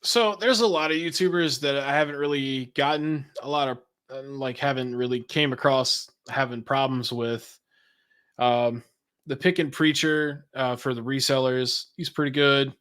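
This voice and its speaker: A man's voice: medium pitch, fairly even intonation, normal speed, a bit bright. A man who is a podcast guest, talking in a laid-back, chatty way with casual swearing. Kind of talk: casual interview chat.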